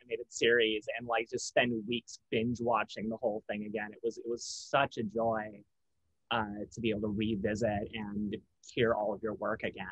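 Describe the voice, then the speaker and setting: A man's voice: on the low side, level tone, normal speed, a bit bright, slightly rough, dry recording, poor audio. Effusive man, dry close sound. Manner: effusive, admiring. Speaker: panelist. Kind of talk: casual panel chat on a video call.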